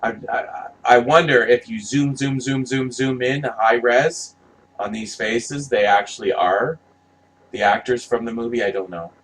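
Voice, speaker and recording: A man's voice: mid-range voice, steady tone, unhurried, fairly bright tone, poor audio. A man giving casual, rambling commentary, passionate and profane, often restarting his sentences. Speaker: vlogger reviewing movie posters.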